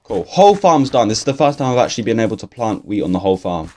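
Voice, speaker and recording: A man's voice: fairly low pitch, sing-song, fast talker, a little mellow, a little hiss or hum. A young man, talking through a game in a casual, swear-filled, grumbling ramble. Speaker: gaming YouTuber. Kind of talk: casual let's-play commentary.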